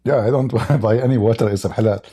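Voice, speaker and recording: A hoarse middle-aged man hosting a casual livestream chat. He mocks, chuckles often, and keeps coughing and clearing his throat as his voice gives out. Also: lowish voice, fast, warm tone. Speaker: livestream debate host.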